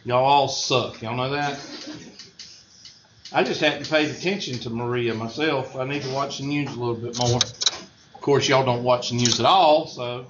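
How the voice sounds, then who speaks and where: A man's voice: medium pitch, steady tone, moderate pace. A man teaching a math class, joking and drawling as he goes. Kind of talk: classroom lecture. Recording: echoey room, dull lo-fi sound, faint noise.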